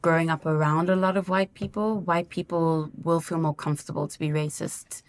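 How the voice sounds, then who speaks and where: A woman's voice: low-pitched, steady tone, moderate pace. A woman speaking thoughtfully in a casual podcast conversation. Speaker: podcast guest.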